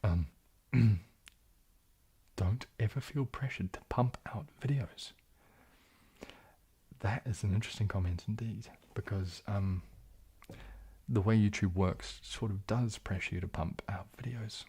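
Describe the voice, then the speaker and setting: Brief: New Zealand man, whispered soft-spoken chat, slightly low voice, hesitant. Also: unhurried, pauses often, breathy edge. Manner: shifts between whisper and soft speech, hesitant with fillers. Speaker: ASMR livestream host.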